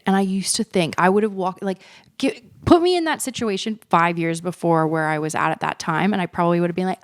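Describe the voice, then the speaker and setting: A woman's voice: on the low side, fairly quick, no room sound, clean studio sound. A woman in her thirties hosting a podcast, telling a personal story in a frank, chatty, self-mocking way and swearing freely. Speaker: podcast host.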